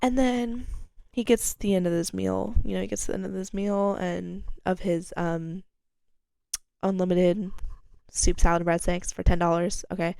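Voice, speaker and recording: A young woman spinning a casual story for her podcast, with a gravelly fry running through a dark, relaxed tone. She talks candidly, swears freely and leans hard on "like", and her voice leaps up when she quotes someone. The sound is close and dry, with no room around it. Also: normal speed, dry recording. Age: young adult. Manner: chatty and candid, swears freely, heavy use of "like"; animated when quoting others, with sharp jumps in pitch and loudness. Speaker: podcast host.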